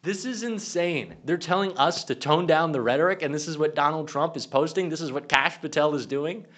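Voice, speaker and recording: A man's voice: fairly high pitch, brisk, a bit bright. A young man delivering an angry, profane political commentary rant. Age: young adult.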